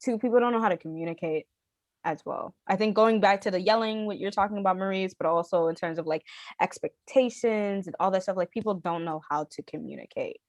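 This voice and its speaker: A woman co-hosting a casual podcast, speaking thoughtfully with a few "um" pauses. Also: mid-range voice, no echo. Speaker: podcast co-host.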